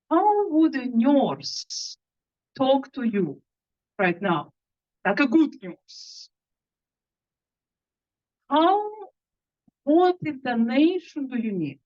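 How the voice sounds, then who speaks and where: Woman leading self-hypnosis breathing, high lively voice, slow pace, dull lo-fi sound. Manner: animated, leads breathing exercises. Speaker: hypnotist and workshop speaker. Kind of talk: guided self-hypnosis talk.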